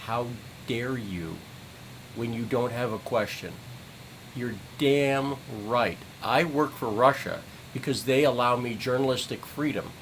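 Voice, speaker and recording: A man's voice: medium pitch, a bit bright, slight background noise, poor audio. A middle-aged man livestreaming an angry, profane rant, repeating phrases for emphasis. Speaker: citizen journalist streamer.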